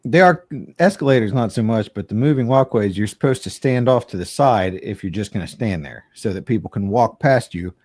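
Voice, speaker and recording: A man's voice: on the low side, expressive, fairly quick, a little mellow, dry recording. A man co-hosting a comedy podcast, ranting in a profane, curmudgeonly way. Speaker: podcast co-host. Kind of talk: casual comedy podcast chat.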